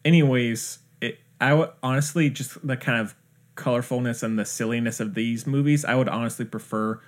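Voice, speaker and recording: A man's voice: mid-range voice, moderate pace. A man co-hosting a podcast, chatting casually about films in a rambling way with many restarts and fillers. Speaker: podcast co-host. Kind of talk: casual chat about movies.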